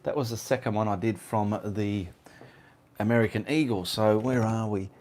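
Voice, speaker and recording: A rambling Australian man talks casually at home, answering viewers one by one on a live art stream. His voice sits a little low, and he keeps drifting off to side tasks before picking up the chat again. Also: steady tone, moderate pace, a little mellow. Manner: chatty, reads out viewer comments, easily sidetracked. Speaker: artist hosting live Q&A stream.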